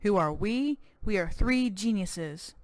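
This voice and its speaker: A let's-play narrator voicing a smug male nerd who calls himself an evil genius, speaking slowly. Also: mid-range voice, animated, dry recording, clean studio sound.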